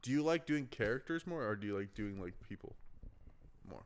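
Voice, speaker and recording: A man's voice: fairly low pitch, lively intonation, fairly quick. A man hosting a podcast, chatting casually, laughing easily and talking about doing accents. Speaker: podcast host.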